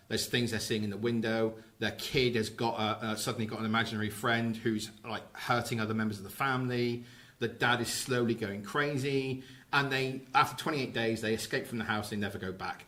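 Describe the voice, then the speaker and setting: A man hosting a casual podcast chat, telling film stories in a lively way. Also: lowish voice. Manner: lively storyteller recounting film plots. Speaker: podcast host.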